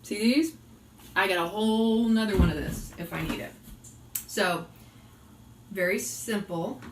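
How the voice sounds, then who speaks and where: A woman's voice: medium pitch, unhurried. A talkative woman with a light Boston accent chats to her viewers while she cooks. She sounds a little distant from the mic in an echoey room, with faint background noise. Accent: slight Boston. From Boston area. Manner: chatty, giggly, talks to viewers. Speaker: vlogger and yoga teacher. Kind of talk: casual cooking chat.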